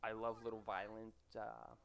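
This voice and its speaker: A man with a fairly low voice talks loosely over a game he is playing. He rambles from point to point in an easy, chatty way and picks at small details. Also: completely flat delivery, moderate pace, creaky, fairly bright tone. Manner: rambling, self-described nitpicky, chatty asides. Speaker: gaming commentator. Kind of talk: casual gameplay commentary.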